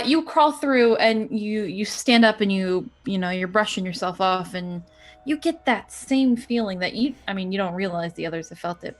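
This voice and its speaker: A woman game master narrating a horror tabletop game in an unhurried, descriptive way with fillers. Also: mid-range voice.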